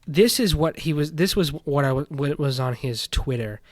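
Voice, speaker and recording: A young man hosting a casual podcast, commenting on paranormal community drama with animated indignation that drops into muttering. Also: fairly high pitch, normal speed, dry recording, clean studio sound. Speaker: podcast host.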